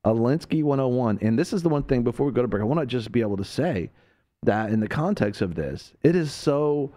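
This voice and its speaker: A male host on a Christian radio program, talking in a preaching manner with bursts of emphasis. His voice sits at an ordinary middle pitch, and he speaks with the cadence of a sermon. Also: expressive, a little fast, mellow. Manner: preacherly, rising to emphatic peaks.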